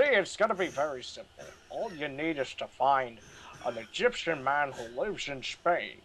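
A man's voice: medium pitch, a bit bright, slight background noise. A man doing a mock-solemn immortal mentor.

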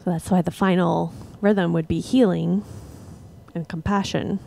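Slow, gravelly-voiced woman chatting on a livestream. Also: fairly low pitch. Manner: relaxed, rambling, laughs at herself. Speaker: musician hosting a livestream. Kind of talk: casual chat with viewers between songs.

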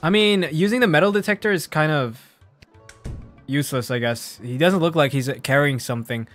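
High-voiced giggly male streamer. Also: moderate pace, fairly bright tone, soft background music. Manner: giggly, reads game text aloud. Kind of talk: game stream commentary.

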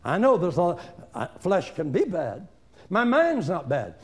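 A man's voice: sits high, sing-song, measured pace. A man in his seventies, an evangelist giving an informal seminar sermon in a folksy, emphatic, conversational way, talking straight to his listeners. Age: 70s. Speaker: evangelist preacher.

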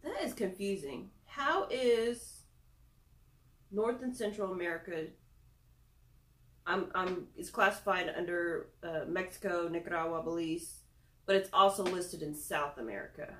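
A woman's voice: fairly low pitch, unhurried, a bit bright, echoey room. A young woman chatting casually through a product review, self-deprecating with giggly asides. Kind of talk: casual screen-recorded review.

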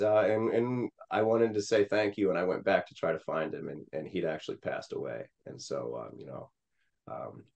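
This man from Missouri, a Senate candidate, has a low, warm voice with vocal fry. He tells an emotional personal story, rambling with many fillers and acting out quotes in other voices.

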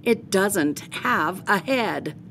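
A woman's voice: medium pitch, expressive, drawn-out words, a bit bright, a little hiss or hum, full character voice. A woman voicing an exasperated, fed-up mother in a storybook read-aloud, speaking sternly.

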